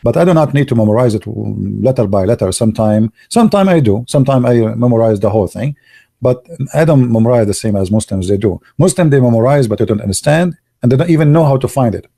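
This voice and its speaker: A man whose first language is Arabic, telling stories casually in broken English, excitable and laughing at his own jokes. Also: medium pitch, quick pace, creaky, breathy edge. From Arab world. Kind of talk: casual storytelling monologue.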